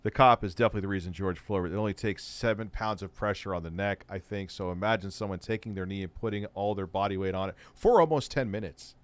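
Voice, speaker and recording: A man's voice: low voice, fairly even intonation, fast, hardly any pauses, dry recording. A man hosting an online show, giving casual, sarcastic commentary on clips. He sounds exasperated and swears freely. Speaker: host.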